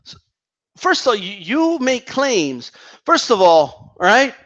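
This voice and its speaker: A man's voice: high voice, very animated, slow, fairly bright tone. A man hosting a boxing talk channel, delivering a combative, profanity-laced rant full of restarts and repeated words. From Mexican heritage. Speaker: boxing commentator. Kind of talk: heated rant vlog. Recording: dull lo-fi audio.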